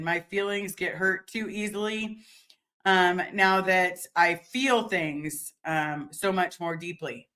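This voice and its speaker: A woman's voice: medium pitch, a bit bright. A young woman hosting a casual livestream from home, reading viewer comments aloud and talking candidly, with frequent fillers, restarts and the odd swear word.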